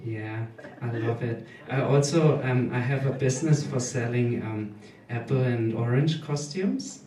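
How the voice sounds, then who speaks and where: German comic, 30s, German accent, deadpan and halting, drawn-out delivery in an echoey room. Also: male voice, medium pitch, far from the mic, crowd noise. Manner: hesitant, deadpan, halting with many ums. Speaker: stand-up comedian. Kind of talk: stand-up comedy set. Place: small live comedy venue.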